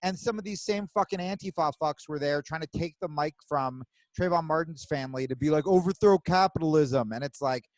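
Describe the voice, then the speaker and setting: A man hosting a podcast in casual chat, blunt, swearing freely and backing his guest with quick agreements. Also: fairly high pitch, no room sound. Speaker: podcast host.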